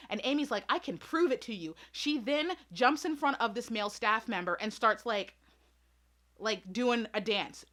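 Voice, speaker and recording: A woman's voice: medium pitch, a bit bright. A woman reviewing a movie in an indignant, emphatic way, firing rhetorical questions and talking straight to her audience.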